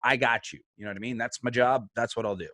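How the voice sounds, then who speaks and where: Animated, swearing storyteller man. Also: medium pitch, fast, no room sound, studio quality. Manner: animated, swearing, acts out quotes. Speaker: podcast guest. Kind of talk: casual storytelling.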